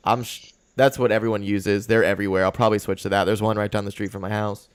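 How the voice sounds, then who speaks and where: A man's voice: fairly low pitch, flat delivery, quick pace, smooth. A young man hosting a podcast, telling a road-rage story in casual chat, swearing often and getting worked up. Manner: profane, fired-up storytelling. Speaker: podcast host.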